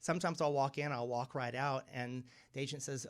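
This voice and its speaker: A man with a medium-pitched voice tells stories in a relaxed interview. His delivery is animated, and he puts on the voices of people he quotes. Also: fairly quick, few pauses. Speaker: guest medium. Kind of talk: casual interview conversation.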